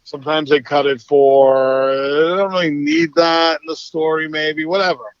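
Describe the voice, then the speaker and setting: A middle-aged man with a Boston accent, a guest actor telling stories in a relaxed, easygoing interview chat. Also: on the high side, normal speed, vocal fry, clean tone, no room sound. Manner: easygoing, relaxed storytelling with soft laughs. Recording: slightly dull, dry podcast audio.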